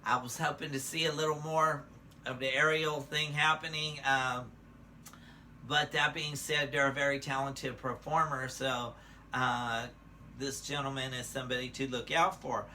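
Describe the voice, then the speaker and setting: An older man with a strikingly bright, sharp voice reviews contestants in casual commentary. He rambles amiably, with plenty of "uh"s and playful asides, at a middling pitch. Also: flat delivery, normal speed, slight background noise. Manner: chatty, with frequent "uh" fillers and playful asides. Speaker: drag performer reviewing a show.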